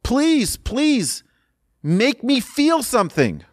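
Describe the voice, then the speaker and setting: A man's voice: sing-song, normal speed, creaky, dry recording, studio quality. A man acting out a desperate man who begs his rabbi, his voice climbing as he pleads. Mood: pleading. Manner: begging, voice rising high.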